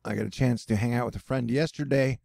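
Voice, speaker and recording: Man, weather news host, rambling jokey delivery, dark tone, dry close sound. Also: mid-range voice, fairly even intonation, fast talker, gravelly, dry recording. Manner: jokey, rambling, self-deprecating asides. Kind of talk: casual news commentary.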